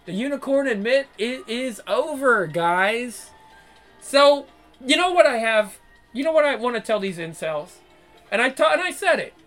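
A man's voice: extremely high pitch, very animated, normal speed, fairly bright tone, faint music behind. A man ranting to his viewers in a crude, repetitive, exasperated way, swearing constantly. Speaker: vlogger. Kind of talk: profane monologue rant to viewers.

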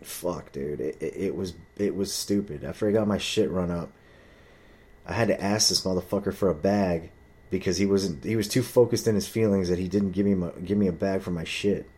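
Young man, low dark voice, heated profane storytelling monologue. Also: a little fast, breathy edge. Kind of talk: casual ranting monologue.

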